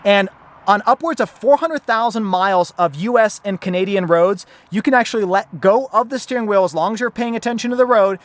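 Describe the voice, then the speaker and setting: A man with a fairly high voice walks through a new car's features in an upbeat, explanatory way. He talks briskly, with the practiced ease of a reviewer. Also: dry recording. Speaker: car reviewer. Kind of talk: product review walkthrough.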